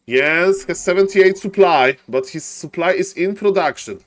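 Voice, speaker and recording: A man casting a live strategy game, excitable, repeating phrases and yelling advice at the players in non-native English. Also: high voice, measured pace. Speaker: esports caster.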